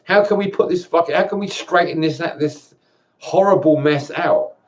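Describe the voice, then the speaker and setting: A man in a personal video monologue, tired and upset, talking in halting bursts with repeated words and frequent swearing. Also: fairly high pitch. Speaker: vlogger. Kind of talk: emotional personal monologue to camera.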